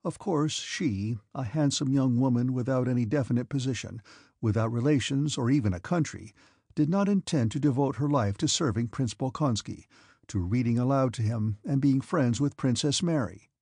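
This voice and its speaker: A man giving a steady, measured audiobook narration of a classic novel. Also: medium pitch, slightly rough, no echo.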